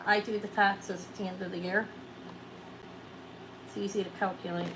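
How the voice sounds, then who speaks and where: A middle-aged woman running a live jewelry auction, chatting excitably and counting down each sale. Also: mid-range voice, normal speed, noisy background. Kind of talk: live-stream sales chat.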